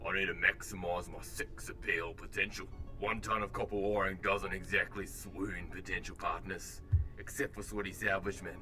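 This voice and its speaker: Game role: a sleazy Australian computer, deep voice, crude teasing. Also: male voice, level tone, moderate pace, sharp tone, faint music behind. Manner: crude, teasing, slangy banter.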